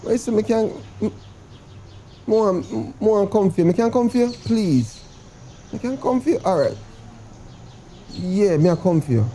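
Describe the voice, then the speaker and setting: A man's voice: high voice, animated, dark tone, slight background noise. A man playing a pleading Jamaican boyfriend. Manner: pleading, drawn-out, dramatic. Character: pleading remorseful boyfriend begging to come home. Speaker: actor in comedy sketch. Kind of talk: comedy sketch acting, phone call.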